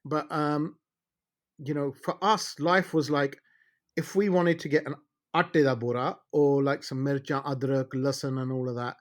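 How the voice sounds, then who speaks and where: A man's voice: a little high, fairly even intonation, a little slow. Joking middle-aged Essex man. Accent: Essex English. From England. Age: 40s. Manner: jokey, anecdotal, with many fillers and restarts. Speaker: guest, immigration solicitor. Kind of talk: casual podcast interview.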